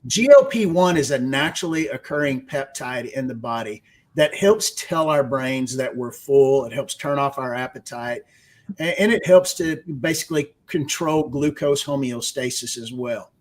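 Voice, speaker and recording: A man's voice: mid-range voice, animated, normal speed. Texan man explaining technical science. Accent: Texas. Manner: technical, explains step by step, checks in with "okay". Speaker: guest, research executive. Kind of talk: explanatory interview answer.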